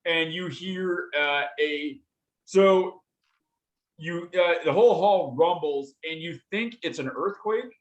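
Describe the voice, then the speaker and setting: Guy dming a dnd game, slow, lots of uhs, echoey room. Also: on the high side, highs cut off. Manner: halting, many fillers. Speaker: game master. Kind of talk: narrating a tabletop game. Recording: roomy echo.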